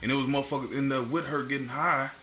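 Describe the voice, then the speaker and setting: A man's voice: medium pitch, quick pace. A man on a casual podcast, telling stories with lots of swearing and acted-out quotes. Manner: animated, profane storytelling with acted-out quotes. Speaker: podcast co-host. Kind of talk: casual storytelling chat. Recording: roomy echo, faint background noise.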